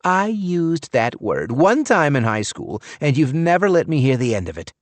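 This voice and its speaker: A man's voice: a little high, sing-song, normal speed, no room sound, pitched above the performer's own voice. A man voicing a chatty, gushing middle-aged mother in an audiobook.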